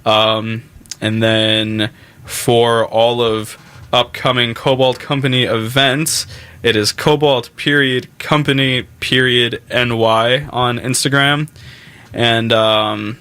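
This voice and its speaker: A man who plays in a band, guesting on an interview and chatting casually with quick asides. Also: steady tone, bright, forceful tone, clear, resonant tone. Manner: chatty, quick asides, acts out quotes in a high voice.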